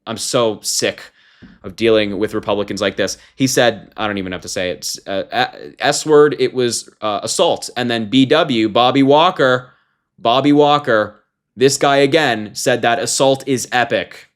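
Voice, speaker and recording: Brief young male commentator, indignant, mid-pitched voice, shifts from loud call-outs to low muttering. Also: moderate pace. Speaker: political commentator host. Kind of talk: casual political commentary.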